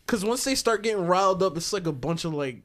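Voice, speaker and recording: A man co-hosting a casual podcast chat, animated and laughing, acting out scenes from a show. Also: high-pitched, fast talker. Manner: animated, laughs often, acts out lines from the show. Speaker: podcast co-host.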